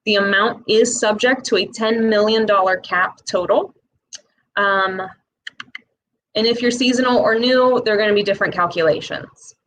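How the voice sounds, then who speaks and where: A woman with a Midwestern accent, talking casually to camera and explaining a small business loan program in a direct, chatty way with quick asides. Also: mid-range voice, a bit bright, rough recording. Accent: Midwestern American.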